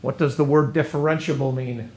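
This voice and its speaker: A man's voice: mid-range voice, steady tone, brisk, dark tone, a little hiss or hum. A male math teacher lecturing a class, quizzing students with upbeat joking asides. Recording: echoey classroom, mic far off.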